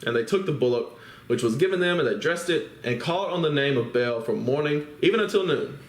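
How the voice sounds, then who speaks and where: A man teaches the Bible, reading scripture aloud and then explaining it casually, often checking in with listeners through tag questions. His fairly high voice has lively intonation and a fairly quick pace, with a roomy echo on the recording.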